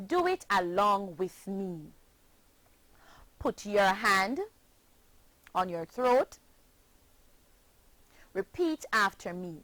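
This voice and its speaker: Woman teacher, Jamaican accent, very slow deliberate delivery, spells letters, dry close sound. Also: mid-range voice, lively intonation, no room sound, low-quality recording. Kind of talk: slow scripted phonics lesson.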